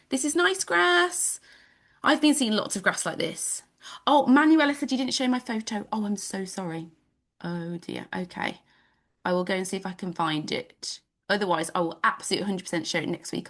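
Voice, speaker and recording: A woman's voice: medium pitch, fairly bright tone. A woman, teaching an online nature class for children over a video call in a bubbly, sing-song manner. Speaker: home education teacher.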